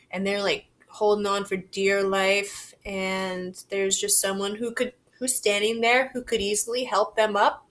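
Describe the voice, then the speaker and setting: A young woman vlogging to camera, talking in a halting, reflective and candid way, swearing casually. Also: medium pitch, a bit bright. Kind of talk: personal confessional vlog.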